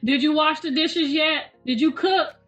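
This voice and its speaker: Hosting a relaxed livestream from home, a woman in her fifties laughs a lot and talks bluntly, swearing freely. She has a high, fairly bright voice and a measured pace. The audio is roomy and distant, a little muffled, with music faintly in the background.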